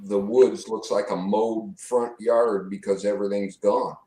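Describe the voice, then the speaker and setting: A male host speaks slowly in relaxed conversation. He laughs often between his lines. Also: on the low side, rough recording. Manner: slow, laughing, easygoing. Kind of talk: casual chat.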